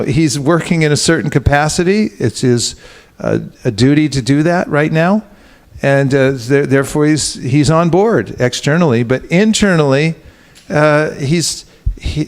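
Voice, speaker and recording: A man's voice: fairly high pitch, darkish tone. A man giving a sermon as a spiritual teacher, speaking conversationally with frequent fillers and stories. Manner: conversational, storytelling with filler words.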